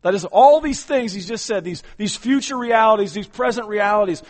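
A man preaching a sermon, emphatic, often repeating words and swinging between loud and soft. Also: high-pitched, moderate pace. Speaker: pastor.

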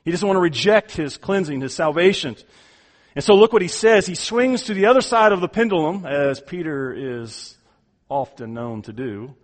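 A man's voice: on the high side, normal speed. A man preaching an expository sermon, emphatic and given to repeating words as he drives home a point. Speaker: pastor.

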